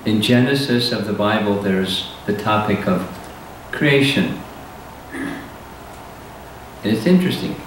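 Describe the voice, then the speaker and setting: A man giving a slow, deliberate scripture lecture as a spiritual teacher, pausing often to let points sink in. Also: fairly low pitch. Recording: very echoey hall, voice from far off, faint hiss.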